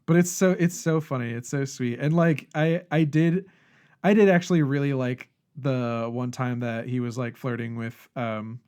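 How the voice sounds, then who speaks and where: Male podcast co-host, relaxed rambling chat, casual swearing. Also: medium pitch, moderate pace, smooth. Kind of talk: casual chat about a horror film.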